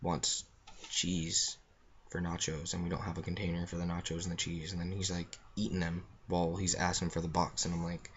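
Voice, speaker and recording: A man's voice: low-pitched, completely flat delivery, brisk, muffled recording, slight background noise. A young man telling a story in a rambling, offhand way, with lots of fillers. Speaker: vlogger. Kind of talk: casual storytelling.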